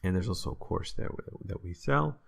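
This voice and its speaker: A man's voice: low-pitched, animated, normal speed, gravelly, breathy edge. A man teaching a casual online language lesson, explaining patiently and checking in with "right?".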